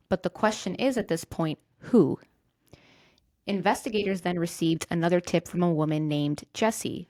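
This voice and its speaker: A woman with a low, gravelly voice narrates a true-crime story for a podcast. She reads from a script, stumbling and restarting now and then. Her own mic on a remote call gives a dry, close sound. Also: darkish tone, dry recording. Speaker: podcast host.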